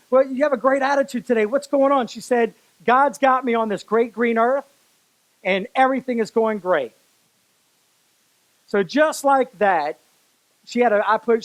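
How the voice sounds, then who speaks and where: A man's voice: extremely high pitch, poor audio. A man giving a motivational keynote speech on stage, telling stories and speaking straight to the audience, repeating phrases for emphasis. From Louisiana, US. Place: stage before a live audience.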